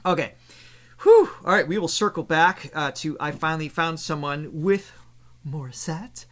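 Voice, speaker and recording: A man's voice: on the high side, sing-song, moderate pace, a bit bright. A man co-hosting a live reaction stream as a vocal coach, casually reading out facts and poll options and laughing easily.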